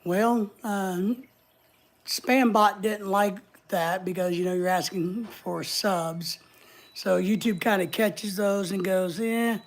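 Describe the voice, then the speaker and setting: A woman's voice: medium pitch, steady tone, takes it slowly. Chatty woman hosting a livestream. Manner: rambling, chatty, reads viewer comments aloud. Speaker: livestream host. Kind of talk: casual livestream chat.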